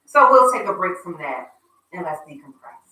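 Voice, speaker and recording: A woman's voice: fairly low pitch, sing-song, normal speed, sharp tone, echoey room, distant mic, rough recording. A woman hosting a casual radio talk show, chatting in a teasing way and promoting an event. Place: radio studio.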